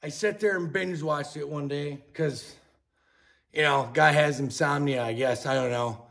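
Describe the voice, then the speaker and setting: A middle-aged man hosting a podcast, ranting angrily and profanely about politics, dropping from low mutters to outbursts while drinking beer. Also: unhurried, vocal fry. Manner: angry, profane, swings between muttering and shouting. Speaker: podcast host.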